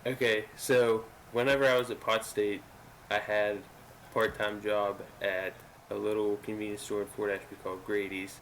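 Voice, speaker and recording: A young man co-hosting a podcast, telling a story in a laid-back, halting way. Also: fairly low pitch, flat delivery, a bit bright, slight background noise, low-quality recording. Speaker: podcast co-host. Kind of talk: casual storytelling.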